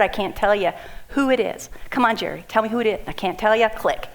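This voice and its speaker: A woman's voice: medium pitch, fast, poor audio. Woman telling a heartfelt personal story. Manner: emotional, heartfelt, animated quoting of others. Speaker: speaker at a community event.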